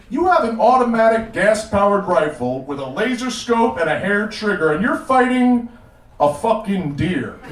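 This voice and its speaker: A man performing a stand-up comedy set with a punchy, animated delivery on a live club stage. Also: sits high. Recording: roomy club sound, mic at a distance. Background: audience laughter.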